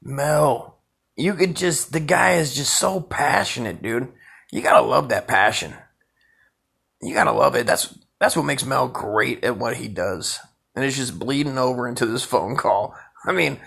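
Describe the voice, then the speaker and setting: A man's voice: mid-range voice, a little slow, gravelly, breathy edge. A man hosting a stream, reacting to a clip with loose, profane commentary. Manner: loose, profane, animated, laughing asides.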